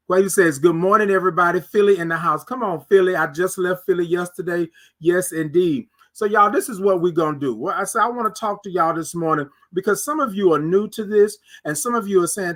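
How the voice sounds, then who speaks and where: A man's voice: sits high, fairly quick, hardly any pauses, fairly bright tone. A middle-aged man hosting a casual morning livestream, reading viewer comments aloud and drawing out his greetings with preacher-like repetition. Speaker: livestream morning show host. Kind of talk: casual live-stream chat reading comments.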